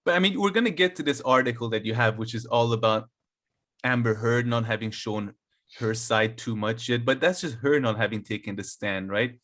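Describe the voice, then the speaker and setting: Male co-host, mid-pitched, relaxed and laughing, casual chat. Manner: easygoing, quick to laugh, short replies. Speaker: podcast co-host.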